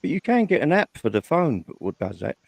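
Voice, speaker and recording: A man from England chatting casually on a livestream in a relaxed, agreeable way, fond of recalling old stories. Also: mid-range voice, fairly quick, vocal fry, no echo. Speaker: livestream co-host. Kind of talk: casual chat.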